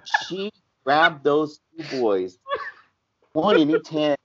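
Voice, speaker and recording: A man's voice: fairly high pitch, expressive, takes it slowly, very noisy. A man telling a story from his work as a paramedic, acting out the quotes. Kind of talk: casual storytelling. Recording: dull lo-fi sound.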